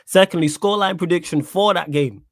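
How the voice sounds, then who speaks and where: Quick teasing man, dry sound. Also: sits high, dry recording. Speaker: co-host. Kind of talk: casual fan talk show.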